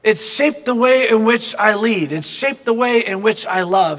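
A man's voice: high voice, expressive, measured pace, fairly bright tone, big-room sound. A man giving a devotional reflection through personal storytelling. He is earnest and reflective and speaks directly to the listener.

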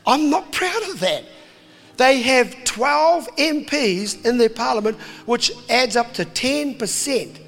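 A man preaching to a crowd, animated and jokey, slipping into voices. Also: very high voice, big-room sound. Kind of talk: impassioned sermon to a crowd.

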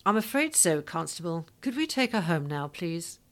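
A woman's voice: fairly low pitch, sing-song, moderate pace, fairly bright tone. A woman reading the lines of a mother, polite and firm.

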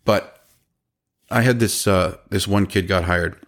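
A man's voice: low-pitched, measured pace. A man in his thirties, a business owner casually telling a story about his company and quoting the people in it. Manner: animated, quotes people in their own voices.

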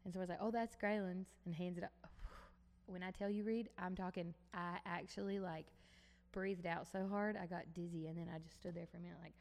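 A woman's voice: fairly low pitch, flat delivery, fast, vocal fry, in a large hall. A young woman co-hosting a casual chat, telling stories with lots of "like" and swearing. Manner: storytelling, frequent "like" and swearing. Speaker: podcast co-host.

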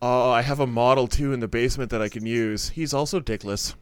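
A man's voice: medium pitch, fairly quick, crowd noise. A man chatting casually on a podcast, telling jokey stories and laughing often. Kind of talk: casual chat.

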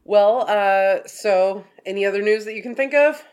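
A woman's voice: medium pitch, moderate pace, darkish tone, clear, resonant tone. A woman co-hosting a casual podcast, stuffed up from a sinus infection, chatty and upbeat. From US Pacific Northwest. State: congested, stuffed up. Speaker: podcast co-host. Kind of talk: casual chat.

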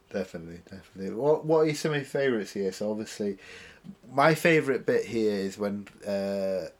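A young man in casual chat, rambling through stories with many fillers and getting loud when excited. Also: on the low side, moderate pace. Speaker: podcast co-host.

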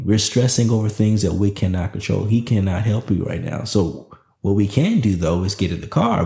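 A man in his thirties hosting a motivational podcast, talking in a lively, preachy way full of slang. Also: on the low side, vocal fry, echoey room. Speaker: podcast host.

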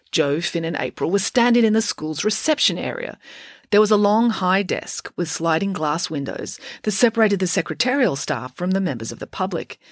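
A woman narrating a children's storybook with a wry, expressive reading. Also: lowish voice, no echo, studio quality.

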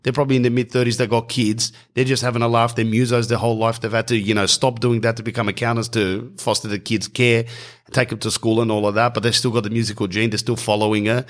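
A man's voice: medium pitch, little pitch movement, quick pace. A man in his thirties with an Australian accent, rambling through a comic story in slangy, casual speech. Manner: rambling, slangy, keeps saying bro. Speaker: comedian storyteller.

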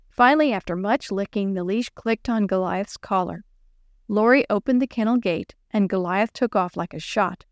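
A woman reading a children's story aloud, gently expressive and voicing the characters. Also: mid-range voice, normal speed, no room sound, clean studio sound.

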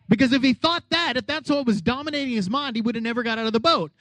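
A pastor delivers an energetic sermon in a notably high voice, urging his listeners to repeat his words and acting out the people in his story. The sound is close and dry, with no room echo. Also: fast, hardly any pauses. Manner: energetic preaching with call-and-response.

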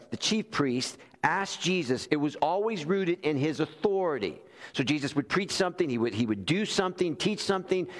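A man preaching a sermon, telling stories animatedly and acting out quoted voices. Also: a little high. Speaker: pastor. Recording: long hall reverb.

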